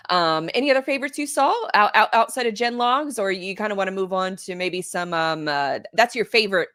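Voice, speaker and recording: A woman hosting a casual podcast, chatting in a relaxed way with her guest. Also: mid-range voice, fairly quick. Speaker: podcast host.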